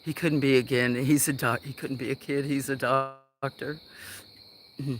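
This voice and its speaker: Out on a farm, a livestream host talks in a meandering, unhurried way full of fillers. His medium-pitched voice is flat in delivery, and background noise can be heard.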